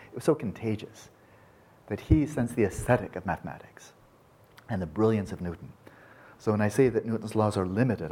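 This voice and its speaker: This speaker on Buddhism and science has a voice on the low side, darkish in tone with a breathy edge. His lecture is informal and digressive, full of enthusiasm and restarted sentences.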